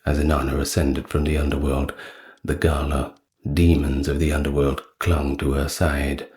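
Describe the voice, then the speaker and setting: A man narrating old myths in a soft-spoken, calm ASMR storytelling style. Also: rumbling low. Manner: slow, calm, even reading of ancient myth.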